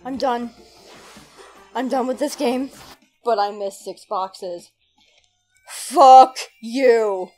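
A woman streaming a video game, talking casually to her viewers, with frequent loud outbursts and a lot of swearing. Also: fairly high pitch, takes it slowly, long pauses, soft background music. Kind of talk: casual let's-play commentary.

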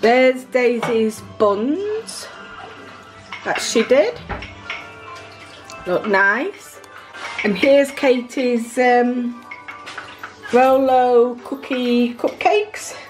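A woman's voice: on the high side, drawn-out words, long pauses, soft background music. A middle-aged woman with a South Yorkshire accent, chatting casually as she narrates her daughter's baking for a family vlog in a home kitchen. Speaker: mum filming a family vlog.

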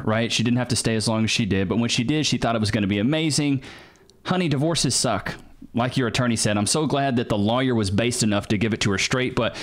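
A man commenting on video clips in a mocking, sarcastic tone. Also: mid-range voice. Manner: mocking, sarcastic, calls people honey. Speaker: commentary host reacting to clips. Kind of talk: reaction commentary.

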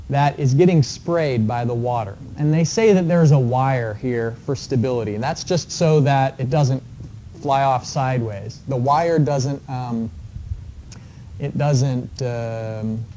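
A man lecturing an engineering class, working through a problem step by step and pausing often on fillers. His voice sounds mellow and dark, with a faint background hum in the recording. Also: medium pitch. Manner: explanatory, measured, with frequent fillers. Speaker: engineering professor.

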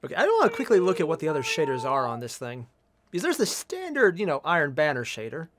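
A young man streaming a shooter game, chatting casually and jokily with teammates and bursting into shouts. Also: a little high, quick pace, a crowd in the background. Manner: excitable, jokey, sudden shouts. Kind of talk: casual gameplay commentary.

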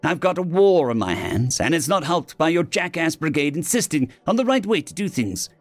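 A man's voice: on the high side, sing-song, normal speed, no echo, faint music behind. A man voicing a brash, foul-mouthed small woman general who talks bluntly and scolds. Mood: brusque.

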